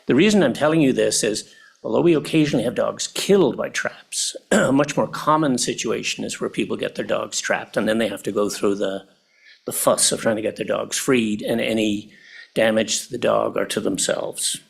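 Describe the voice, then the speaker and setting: A man's voice: fairly low pitch, normal speed, gravelly, slightly rough. An older man with an Irish accent, testifying before a committee with a plain personal account and a dry, understated tone. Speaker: public testifier.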